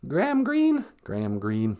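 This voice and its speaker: Joking man on a lively live stream. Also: medium pitch, unhurried. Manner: joking storyteller, laughs often. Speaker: podcast host. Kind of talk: casual live-stream chat. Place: outdoor back porch.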